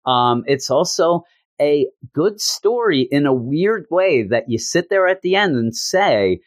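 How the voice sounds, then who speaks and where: A man's voice: a little high, sing-song, moderate pace, no room sound, clean studio sound. A man hosting a podcast, chatting casually through a comic review in a rambling, self-mocking way.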